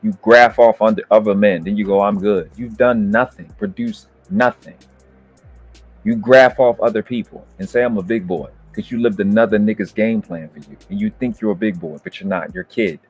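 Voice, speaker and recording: A man hosting a debate review, ranting in heated, profane commentary that berates and swings up into shouting. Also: lowish voice, fairly even intonation, moderate pace, slightly rough, no room sound, faint music behind.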